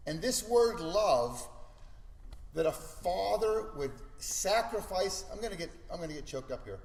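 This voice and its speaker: High-voiced man teaching Bible class. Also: a little slow, creaky. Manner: animated storytelling, checks in with listeners. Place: school classroom. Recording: echoey room with long reverb.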